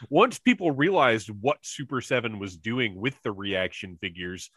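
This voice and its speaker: A man co-hosting a casual fan podcast, telling stories in an excitable, animated way with quick asides over a remote call mic. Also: lowish voice, no echo, clean studio sound. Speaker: podcast co-host.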